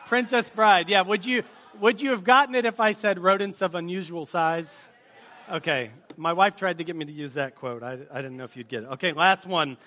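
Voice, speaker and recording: A high-pitched man with a bright, forceful voice opens a sermon for a live congregation. He talks in a chatty, joking way and quizzes the crowd with energy. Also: animated, moderate pace. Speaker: pastor. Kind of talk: sermon opening with a movie-quote game. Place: church service before a live congregation.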